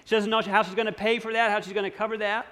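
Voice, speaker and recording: A man preaching a sermon, slow and emphatic, dropping to near-quiet on key words. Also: high voice, flat delivery. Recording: long hall reverb.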